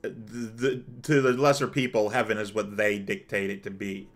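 A man hosting a let's play, rambling and digressive in casual commentary, growing excitable. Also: lowish voice, normal speed.

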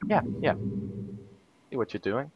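A young man jokes with and teases his friend, laughing often, in a casual chat over a voice call on a computer mic, as co-host. His husky mid-range voice is very animated at a measured pace, and the audio is dull with no room sound.

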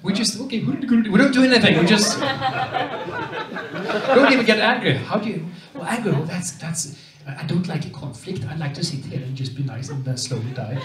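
High-voiced Swedish comedian in a club. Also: male voice, moderate pace. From Sweden. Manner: deadpan, dry ironic delivery. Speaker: stand-up comedian. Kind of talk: stand-up comedy set. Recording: roomy club from a distance, loud noise. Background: audience laughter.

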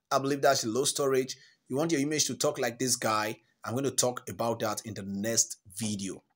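A man hosting a screen-recorded app tutorial, chatty and encouraging, often repeating words as he walks through each step. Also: medium pitch. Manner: encouraging, gives life advice. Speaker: tutorial host.

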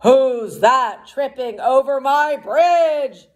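A woman voicing a mean, ugly male troll who roars loudly and slowly at goats crossing his bridge in a storybook. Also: sits high, expressive, voice pushed up, full character voice. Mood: roaring. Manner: roaring, loud and slow.

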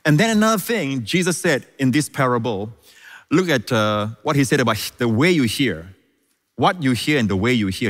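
Male pastor, mid-pitched voice, emphatic sermon with repeated phrases, long reverb of a large hall. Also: lively intonation, moderate pace. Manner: emphatic preaching, repeats key phrases, calls out "Hallelujah".

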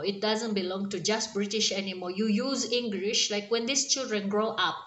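A woman with a Kenyan accent talks straight to camera in an earnest, encouraging way, often pausing on fillers and restarting her sentences. Her voice sits in a middle pitch range. The room around her rings with a noticeable echo. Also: a bit bright. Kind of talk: casual talk to camera. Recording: roomy echo.

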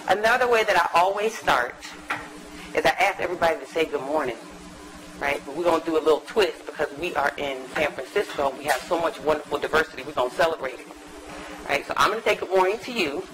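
A woman academic giving a lively, chatty talk to a live audience in a university lecture room, teasing the listeners as she goes. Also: fairly low pitch, noisy background. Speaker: guest lecturer, academic psychologist.

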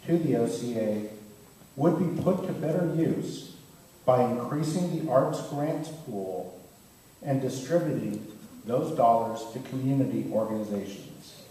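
A man's voice: mid-range voice, lively intonation, a little slow, dark tone. Joking male moderator, echoey and far. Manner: light, joking. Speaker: forum moderator. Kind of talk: moderating a forum. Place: theater.

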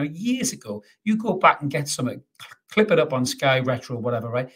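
A husky-voiced man rants about football as a fan channel host. He swears freely and mocks with scorn, in a middle-pitched voice. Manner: angry, sweary, mocking. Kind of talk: ranting commentary to camera.

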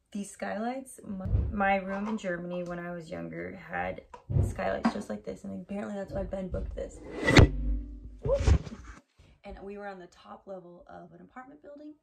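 American woman, thirties, casual vlog storytelling, gravelly fry in the voice. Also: medium pitch, noisy background. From United States. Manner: chatty storytelling, lots of "like". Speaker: vlogger. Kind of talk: casual travel vlog chat.

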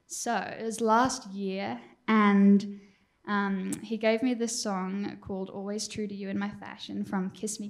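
A young woman at mid pitch chats to the audience between songs. She speaks casually and keeps dropping little fillers as she introduces each number. The tone is loose and unscripted. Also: darkish tone. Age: young adult. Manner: chatty, with frequent "um" fillers. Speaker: student giving her graduation recital. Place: recital stage.

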